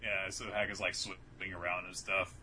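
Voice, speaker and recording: A man's voice: low-pitched, moderate pace, a little hiss or hum. A man co-hosting a casual podcast, recapping an anime episode and acting out the characters' lines as he goes. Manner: animated recap, jumps into loud character voices for quotes. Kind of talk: casual chat.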